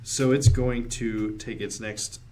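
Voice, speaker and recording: A man running a tabletop game as dungeon master, pausing often with filler sounds. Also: medium pitch, steady tone, a little mellow, a little hiss or hum. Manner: hesitant, with many filler sounds.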